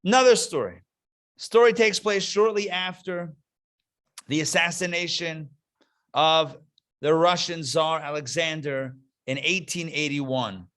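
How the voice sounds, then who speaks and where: A man, a rabbi, teaching a live class over a video call, telling jokes in an animated storytelling manner and then speaking earnestly. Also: a little slow. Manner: animated storyteller, swings into high excited voices for characters. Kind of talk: live lecture with told jokes. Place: classroom streamed to an online call.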